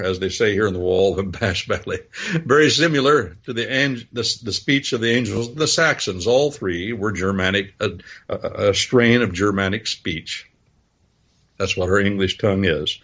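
Husky man giving folksy Bible teaching. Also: lowish voice, fairly bright tone, lo-fi sound. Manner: rambling storytelling with spelled-out words. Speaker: preacher.

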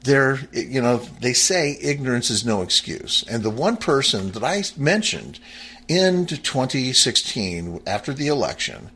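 A husky man delivering a fervent political monologue, his voice climbing sharply when he grows angry and dropping low when he goes quiet. He talks emphatically, stumbles into restarts, and keeps circling back to reread his text. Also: big pitch swings, a little slow. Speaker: political commentator. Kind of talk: impassioned monologue reading from a founding text.

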